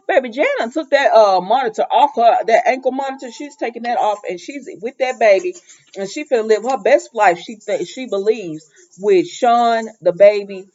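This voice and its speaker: A woman giving a casual, sassy recap of a soap opera episode, chatty and full of lively asides. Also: mid-range voice. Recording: slightly muffled lo-fi recording.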